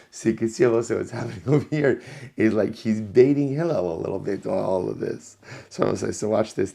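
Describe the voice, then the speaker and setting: A low-pitched man leads a Talmud class as a rabbi. He reads each passage in the original, then retells it in English with animated storytelling. He often says a line twice for emphasis. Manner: reads Aramaic text aloud, then explains it in English.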